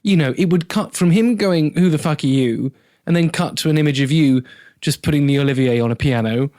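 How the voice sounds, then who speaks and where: A man's voice: on the high side, a little fast, a little mellow, dry recording, clean studio sound. A man hosting a podcast, reacting to his guest's stories with swearing and teasing remarks. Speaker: podcast host. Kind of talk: casual interview chat.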